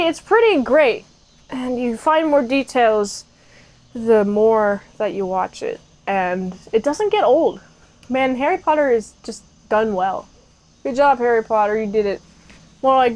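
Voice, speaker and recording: A woman with a high, light voice chats her way through a movie recap. She is playful and jokey, drops in fillers, and slips into the characters for a line or two. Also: lively intonation, slow pace, pauses often, rough recording. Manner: chatty with frequent fillers. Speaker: movie reviewer.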